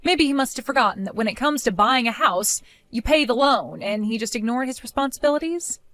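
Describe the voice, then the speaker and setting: A sarcastic young daughter-in-law from an animated storytime cartoon, played by a woman, mocking and defiant. Her fairly high voice rises and falls with lively inflection. The recording is dry and close. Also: brisk, dry recording. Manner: sarcastic, mocking, laughs often.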